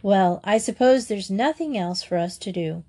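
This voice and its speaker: A woman's voice: mid-range voice, moderate pace, dark tone, lightly acted. A woman reading as a stern young headmistress. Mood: worried. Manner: stern and composed.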